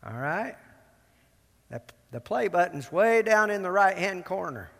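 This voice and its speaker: A pastor preaching slowly and deliberately, in a fairly high, folksy voice. His words ring out with the long reverb of a large hall. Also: big pitch swings, vocal fry, fairly bright tone. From Georgia, US. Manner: folksy and self-deprecating, acts out film lines. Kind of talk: sermon.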